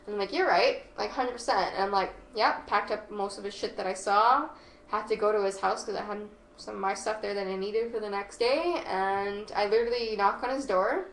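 A woman of medium pitch talks fairly quickly as a podcast guest, sharing a personal story in casual chat. She's animated, says "like" constantly and swears freely, in an echoey room with faint noise.

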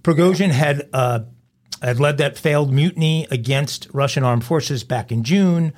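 A man hosting a crime news show, reading headlines in a steady, conversational way with dry asides. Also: a little high, normal speed. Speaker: host.

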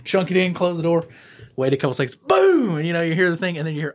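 A man, a former prison officer, telling animated anecdotes on a podcast and chuckling as he acts out what people said. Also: fairly high pitch, fast. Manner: animated, chuckling storyteller who acts out quotes. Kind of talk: casual anecdote storytelling.

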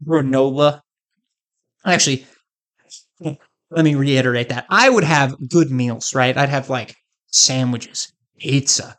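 A man's voice: fairly high pitch, fairly bright tone. A man doing a rambling comic monologue, joking and sarcastic. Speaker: comedic host.

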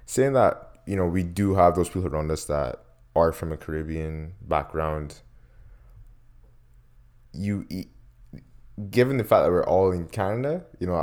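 Young male co-host with a very low voice; easygoing and jokey. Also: a little mellow. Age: young adult. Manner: laid-back, playful, teasing banter. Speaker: podcast co-host. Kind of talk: casual chat.

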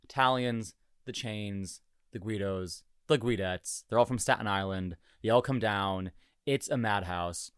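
Animated young man telling stories. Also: lowish voice, measured pace, clear, resonant tone, dry recording, studio quality. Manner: animated storytelling, laughing, acting out quotes. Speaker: podcast host. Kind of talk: casual chat.

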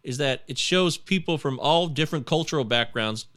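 A man's voice: on the high side, normal speed, fairly bright tone. A man from Michigan hosting a casual film discussion podcast, blunt and profane. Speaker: podcast host.

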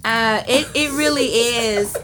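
A woman co-hosting a casual discussion, animated and emphatic, with dramatic pauses. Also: a little high, a little hiss or hum.

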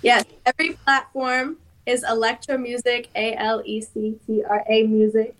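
A young woman, a rapper guesting on a podcast, talking in a relaxed, easygoing way in a studio. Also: fairly high pitch, normal speed, low-quality recording. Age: young adult. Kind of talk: casual podcast conversation.

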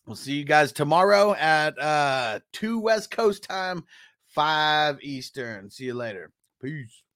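A man's voice: on the high side, lively intonation, slow, fairly bright tone, dry recording, poor audio. Profane, teasing man live-streaming fantasy football. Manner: profane, teasing, rambling with many fillers. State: coughing between phrases. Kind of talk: casual live-stream chat with viewers.

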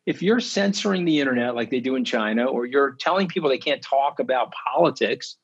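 A husky-voiced man, telling stories as an interview guest. He speaks emphatically and with indignation, and his voice climbs sharply when he is outraged. The audio is slightly dull and lo-fi. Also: mid-range voice, lively intonation, brisk. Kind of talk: animated interview storytelling.

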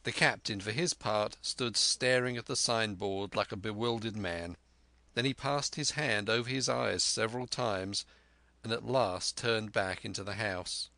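A man narrating a storybook tale in a measured, vivid reading. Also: on the low side, creaky, bright, forceful tone, no echo.

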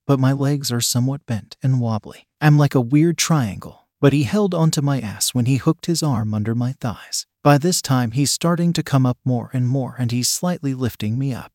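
A man narrating a story in a steady first-person reading. His voice sits at an ordinary pitch, recorded close and dry. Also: moderate pace, few pauses, no room sound. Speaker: story reader. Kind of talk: scripted narration.

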